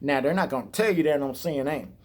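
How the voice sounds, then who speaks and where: A man's voice: a little high, fast. A man ranting on his vlog in a rambling, sarcastic and profane way. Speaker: vlogger. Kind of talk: rambling satirical rant.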